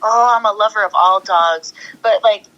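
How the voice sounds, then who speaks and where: A woman's voice: medium pitch, normal speed, fairly bright tone, muffled recording. A middle-aged woman chatting as an interview guest, gushing and laughing often as she talks. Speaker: guest, former pro wrestler. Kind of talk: casual interview chat.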